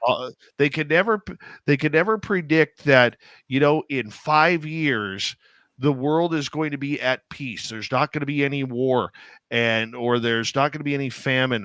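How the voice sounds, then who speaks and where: Sarcastic, bright-voiced radio host man. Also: mid-range voice, normal speed, no room sound. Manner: sarcastic, rambling, rhetorical questions. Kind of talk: casual talk radio banter.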